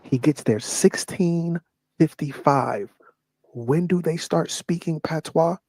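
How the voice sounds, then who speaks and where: A man's voice: a little high, slow, a little mellow, no echo. A man co-hosting a casual livestream, who reads from a web search and keeps asking joking questions.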